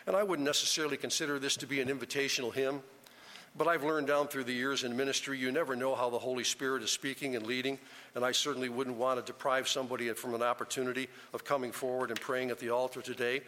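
A middle-aged man preaching a sermon in a church, telling a story in an earnest, unhurried way. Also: medium pitch, steady tone, pushed and bright. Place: church sanctuary. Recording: long church reverb.

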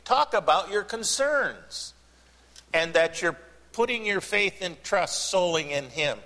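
Folksy pastor preaching in a church; bright, raised voice with a lingering hall reverb. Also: male voice, high-pitched, animated. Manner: folksy, joking, with long pauses. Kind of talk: sermon. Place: church sanctuary.

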